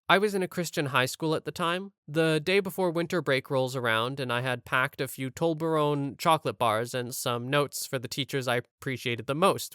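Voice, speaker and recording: Guy reading school stories out loud, lively storyteller, bright crisp voice, a bit high. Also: no room sound, clean studio sound. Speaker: story narrator. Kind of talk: scripted story narration.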